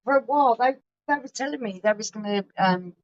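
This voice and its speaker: A woman's voice: fairly high pitch, a little fast, darkish tone. A woman from southern England with a southern English accent, chatting easily and giggling on a casual livestream. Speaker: beer livestream co-host. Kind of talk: casual chat. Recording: muffled lo-fi livestream audio.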